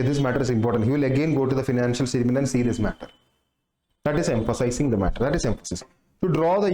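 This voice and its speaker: A man's voice: high voice, warm tone. Echoey man teaching. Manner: repetitive, explains step by step with many fillers. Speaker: exam-prep teacher. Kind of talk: casual recorded lecture. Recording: roomy echo.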